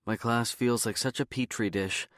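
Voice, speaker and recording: A man's voice: mid-range voice, steady tone, moderate pace, a bit bright, no echo, studio quality, pitched above the performer's own voice, lightly acted. A man voicing a wry, teasing young woman teacher in an audiobook. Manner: playful, teasing. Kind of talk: audiobook character voice.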